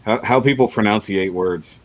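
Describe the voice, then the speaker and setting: A man's voice: on the low side, moderate pace, rough recording. A man hosting a casual livestream chat, rambling and laughing often. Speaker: livestream host.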